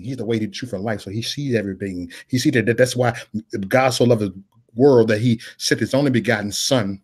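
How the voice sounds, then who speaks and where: A man in his forties with a Chicago accent, preaching in raw street slang with lots of repetition. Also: medium pitch. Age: 40s. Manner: repetitive, emphatic, conversational.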